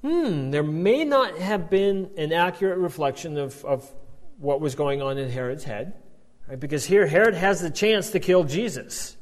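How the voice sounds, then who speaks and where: A man's voice: a little high, animated, moderate pace. A man teaching verse by verse from the Bible, explaining as he goes and often checking in with his listeners. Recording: long hall reverb.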